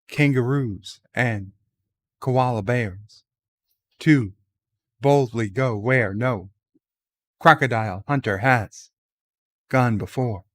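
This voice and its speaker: Brief: halting, pompous starship captain, done by a man, slow delivery, mid-pitched, hums his own fanfare. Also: a bit bright, no echo. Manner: dramatic pauses between words, hummed fanfare. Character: halting, grandiose male starship captain, middle-aged. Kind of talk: comedic impression.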